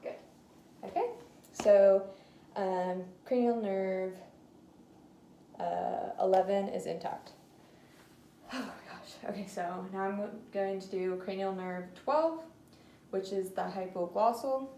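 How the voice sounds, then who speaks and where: A woman talks slowly through a clinical exam, pausing often on fillers. Her voice is gravelly and mellow. The room is echoey, with faint background noise. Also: mid-range voice. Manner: hesitant, many fillers. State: slightly out of breath. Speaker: student doing a clinical neuro exam. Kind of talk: talking through an exam for video.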